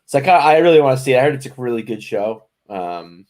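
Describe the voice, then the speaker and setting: Casting: male podcast co-host, loose rambling delivery, mid pitch. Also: expressive, fast talker, darkish tone. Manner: rambling, leans on "like" and restarts. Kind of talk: casual chat.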